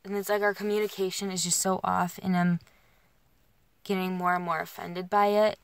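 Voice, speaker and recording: A woman's voice: lowish voice, little pitch movement, moderate pace, creaky, smooth. A young woman vlogging while driving, rambling through emotional restarts and filler words, sounding worn and alone. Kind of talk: casual venting while driving. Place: in a car.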